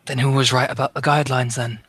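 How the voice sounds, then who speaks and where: A man's voice: mid-range voice, level tone, fast talker, fairly bright tone, husky, no room sound. A man voicing a scheming tattooed monster hunter in a tabletop game, coaxing and calling everyone love. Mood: insistent. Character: scheming tattooed man hunting an unseen creature.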